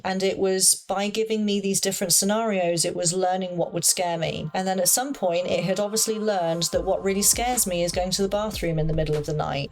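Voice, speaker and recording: A woman's voice: lowish voice, darkish tone. A young woman casually telling a personal story in a chatty, rambling way full of fillers. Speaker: paranormal storyteller.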